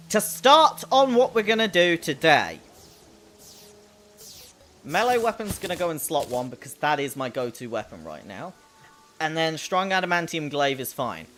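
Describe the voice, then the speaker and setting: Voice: mid-range voice, big pitch swings, measured pace, pauses often, a bit bright, a little hiss or hum. A young adult streamer with a childlike, babyish voice, chatting playfully while commenting on a game. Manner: playful, chatty, reads out chat. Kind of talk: casual live gameplay commentary.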